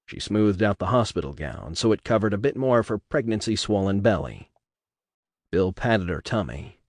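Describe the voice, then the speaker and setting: A man narrating a novel in a steady storytelling manner. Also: on the low side, moderate pace, dry recording, clean studio sound. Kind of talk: novel reading.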